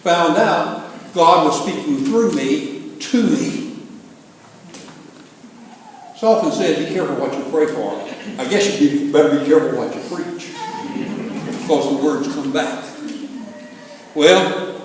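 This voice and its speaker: A man's voice: on the high side, takes it slowly, pauses often, slight background noise. An older man from the American South, a pastor telling a story in a folksy, joking sermon. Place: large church sanctuary. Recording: echoey hall from far off.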